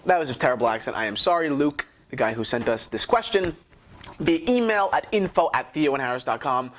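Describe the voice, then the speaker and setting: A man's voice: medium pitch, lively intonation, fairly quick, fairly bright tone, a little hiss or hum. A man hosting a vlog and answering viewer questions in casual talk, with lots of fillers, restarts and swearing. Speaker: host.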